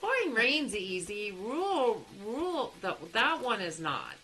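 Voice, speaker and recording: Animated Texan woman streaming a game. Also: on the high side, a little slow, slight background noise, poor audio. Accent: Texas. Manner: animated, chatty, laughs often. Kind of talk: casual live game stream chat.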